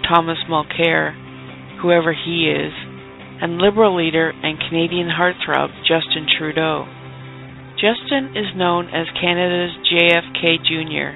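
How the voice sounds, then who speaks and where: A man's voice: fairly high pitch, vocal fry, voice pushed up. A man voicing a brash, flirty Canadian woman bureau chief who says "eh" and "hosers" in a mock news report. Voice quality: exaggerated Canadian "eh" and "hosers" talk. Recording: tinny phone-like sound with faint music.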